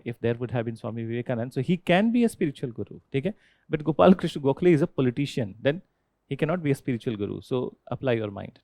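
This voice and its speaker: A man's voice: mid-range voice, a little mellow, no echo. A man with an Indian accent teaching a history class, asking students questions and repeating key points with frequent "okay?" checks.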